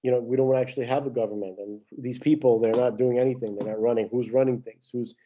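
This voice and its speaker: Very dark-voiced animated man. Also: medium pitch, fast talker, dull audio, slight background noise. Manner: animated storyteller, laughs often. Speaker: podcast co-host. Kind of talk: casual chat.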